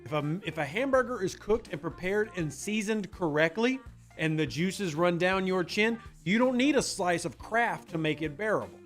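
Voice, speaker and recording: A man's voice: high voice, lively intonation, moderate pace, fairly bright tone, soft background music. A man streaming a game live, chatting casually and answering his viewers' messages. He is from the United States.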